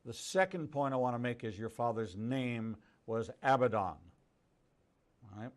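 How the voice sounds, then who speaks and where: A man hosting an interview show, speaking deliberately and carefully with hesitant fillers. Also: mid-range voice. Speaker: rabbi and talk show host.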